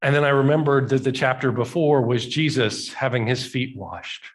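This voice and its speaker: A pastor with a medium-pitched voice delivers a sermon, telling the story conversationally and slowing down to stress key points.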